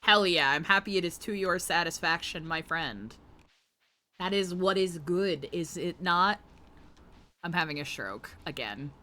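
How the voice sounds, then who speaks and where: A woman streaming a game with friends, chatting casually and playfully. Her voice is bright and forceful, and her pitch leaps around animatedly. She swears freely and teases as she plays, close to a home streaming mic. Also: expressive, unhurried. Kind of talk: casual gaming chat.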